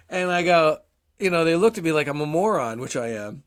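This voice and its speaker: A man's voice: fairly high pitch, expressive, a little fast. A man in his forties, co-hosting a podcast, telling a long casual story, swearing often and mocking himself. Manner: profane, self-deprecating storyteller. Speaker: podcast co-host.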